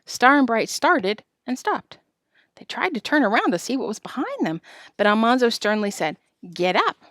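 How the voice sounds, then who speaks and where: A woman reading a children's novel aloud with expressive, dramatic narration. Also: a little high, normal speed, no room sound, studio quality. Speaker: storybook reader.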